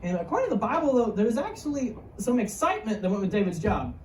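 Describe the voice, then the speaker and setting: A woman's voice: on the high side, very animated, fast talker, darkish tone, slight background noise. A woman giving a casual, joking sermon to young people in a church hall. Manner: jokey, chatty, slangy. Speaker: youth speaker. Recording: roomy hall, mic far off.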